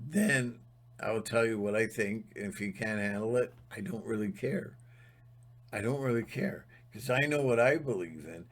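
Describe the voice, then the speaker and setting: A man's voice: medium pitch, a bit bright. A man giving a rambling, emphatic spiritual monologue, sometimes breaking into mocking mimicry. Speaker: spiritual vlogger.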